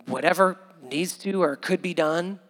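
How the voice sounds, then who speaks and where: Slow-talking pastor in a reverberant hall. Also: male voice, high voice. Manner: conversational, chuckling, builds to loud animated bursts. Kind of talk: sermon.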